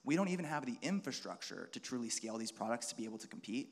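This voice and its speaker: Panelist: man, mid-pitched, measured and analytical, conference stage. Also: sing-song, gravelly.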